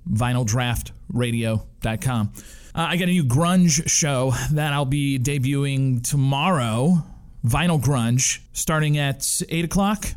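A man in his thirties hosting a casual radio talk show, joking and swearing freely. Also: a little high.

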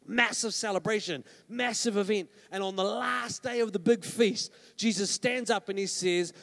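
A man's voice: high-pitched, moderate pace, hardly any pauses, fairly bright tone. A man preaching a sermon as pastor, conversational and emphatic, often checking in with "right?". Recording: long hall reverb.

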